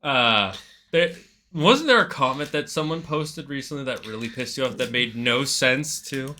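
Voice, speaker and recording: A man's voice: medium pitch, lively intonation, normal speed, sharp tone. A man in casual chat as co-host. He is easygoing and teasing.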